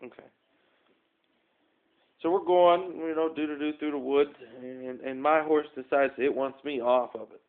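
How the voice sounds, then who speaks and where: A man's voice: on the high side, fairly even intonation, a little slow. A man telling a rambling, self-mocking story to his phone's front camera, full of fillers and asides. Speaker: vlogger. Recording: tinny phone-quality audio.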